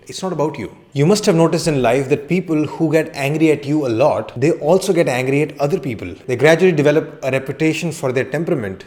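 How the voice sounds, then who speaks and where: A man's voice: on the high side, a little mellow. A man, a counselling psychologist, giving a conversational educational talk to camera and often asking rhetorical questions.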